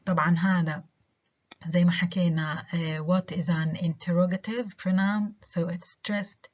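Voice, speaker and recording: Low, husky woman lecturer, Arabic-accented. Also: fairly even intonation, darkish tone, lo-fi sound. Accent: Levantine Arabic. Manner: switches between English and Arabic, slow careful repetition of examples. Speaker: university lecturer. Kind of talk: recorded online lecture.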